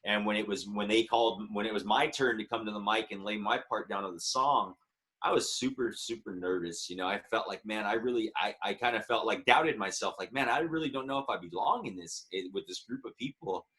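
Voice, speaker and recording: A man's voice: on the low side, brisk, fairly bright tone. A man in his thirties, a musician guest telling a story in a casual interview, chatty and earnest. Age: 30s.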